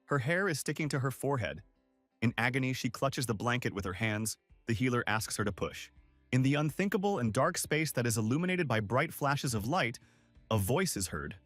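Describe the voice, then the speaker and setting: A man's voice: mid-range voice, expressive, fairly quick, fairly bright tone, no room sound, faint music behind. A man giving scripted, dramatic story narration as a manhwa recap narrator.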